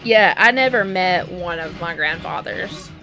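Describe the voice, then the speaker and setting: A woman's voice: on the low side, lively intonation, a little slow, creaky. A young woman streamer rambling through casual stories while gaming, laughing often, with game music playing behind. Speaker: live streamer. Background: video game music.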